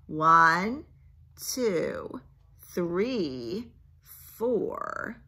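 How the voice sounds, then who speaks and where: It's bedtime, and a female librarian is reading a picture book to the children, gently asking them things and easing down almost to a whisper. Her husky voice sits on the low side, very animated, stretching out her words.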